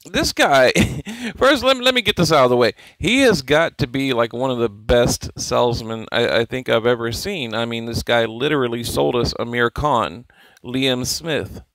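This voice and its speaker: A man hosting a boxing channel, talking in casual, animated commentary, laughing and repeating himself as he mimics others. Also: mid-range voice, normal speed, no echo, low-quality recording.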